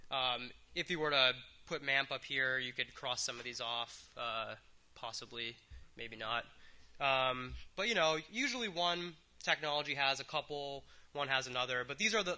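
A man presenting software at a developer conference, talking casually with lots of ums and wry asides. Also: mid-range voice. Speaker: conference speaker.

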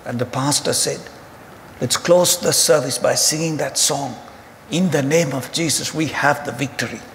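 A man preaching a sermon, telling humorous stories in an animated way. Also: mid-range voice, normal speed. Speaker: pastor. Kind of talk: sermon storytelling. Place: church auditorium. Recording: hall reverb with faint ambient noise.

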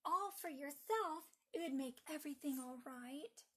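A woman voicing a kind, wise eight-year-old boy in a children's story, speaking gently and soothingly. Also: high-pitched, a little slow. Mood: gentle.

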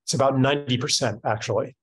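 A man's voice: mid-range voice, fairly even intonation, fast, husky, rough recording. A middle-aged man in a reflective conversation, talking thoughtfully with frequent restarts and fillers. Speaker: speaker in a panel conversation.

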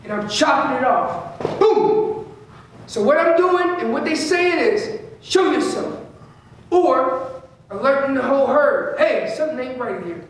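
Far from the mic in an echoey store space with a faint hum, a man with a very high-pitched, expressive voice speaks a little slowly. His informal hunting talk covers elk calling, with repeated key phrases, casual slang, and voiced elk thoughts.

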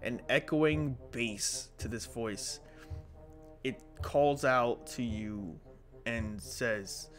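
A man's voice: medium pitch, drawn-out words, fairly bright tone. A man acting as dungeon master on a live stream, narrating combat in a casual, profane way with frequent ums. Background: background music.

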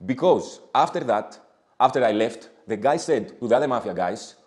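A man's voice: mid-range voice, expressive, normal speed. A man from Greece, an English speaker, telling a story in an interview and vividly acting out the people he quotes. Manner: vivid, acts out quoted speech. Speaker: travel companion telling a story.

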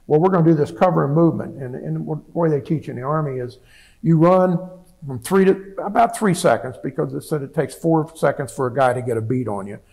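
Gravelly older man recounting war memories. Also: on the high side, brisk, a little mellow, rough recording. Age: 70s. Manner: plainspoken storytelling with frequent restarts and repeated words. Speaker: veteran interviewee. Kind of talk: oral history recollection.

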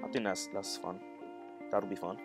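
A man's voice: sits low, flat delivery, normal speed. A man streaming casually while he builds a model kit, joking crudely, laughing often and chatting to viewers. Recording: music playing underneath.

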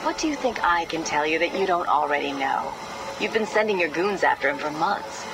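Game cat burglar: sarcastic, teasing, defiant, very expressive inflection. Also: female voice, deep voice, brisk, noisy background.

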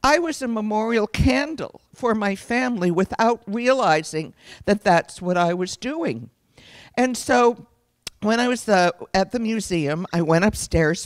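A middle-aged woman from the United States, a guest speaker giving an earnest, reflective personal testimony at a lecture, pausing to correct herself as she goes. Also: medium pitch, no room sound.

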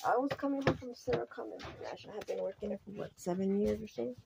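A woman's voice: mid-range voice, racing, vocal fry, very noisy. A woman vlogging casually at home, muttering anxiously to herself, calling to her pets and slipping into Spanish phrases. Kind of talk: casual home vlog talk.

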